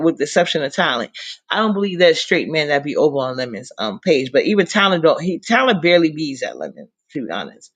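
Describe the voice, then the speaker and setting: High-voiced man gossiping on a livestream. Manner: animated, repeats himself, trails off. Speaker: livestream host. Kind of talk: casual gossip chat.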